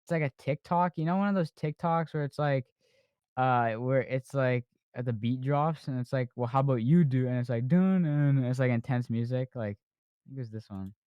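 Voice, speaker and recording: A man hosts a podcast in casual chat, rambling with lots of fillers and restarts. His mid-range voice has a clean tone at a moderate pace, with no echo, though the recording is muffled.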